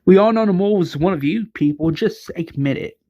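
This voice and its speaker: A man plays a smug male captive in a fan-fiction retelling. He mocks and needles everyone around him. Dry, slightly high voice. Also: brisk, dark tone, no room sound, lo-fi sound, lightly acted. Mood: mocking. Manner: mocking.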